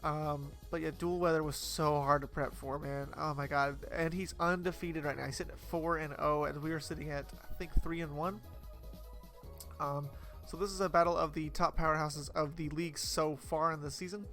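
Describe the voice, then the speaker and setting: A man's voice: on the high side, fairly even intonation, normal speed, fairly bright tone, soft background music. A young man giving casual gameplay commentary over his own battle, rambling and chatty with frequent fillers and self-corrections. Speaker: competitive Pokemon player commentating his battle.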